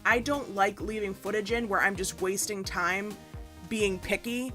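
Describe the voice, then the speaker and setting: A woman's voice: steady tone, a little slow. A young woman chatting casually over a game speed build, rambling and self-deprecating, with sudden playful asides. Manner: rambling, self-deprecating, bursts into squeaky silly voices. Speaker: gaming YouTuber. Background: soft background music.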